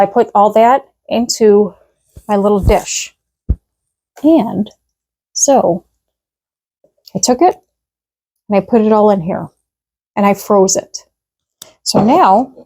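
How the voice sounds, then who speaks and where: Chatty home-kitchen vlogger, woman, mellow voice, upbeat and rambling. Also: medium pitch. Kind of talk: casual kitchen demonstration.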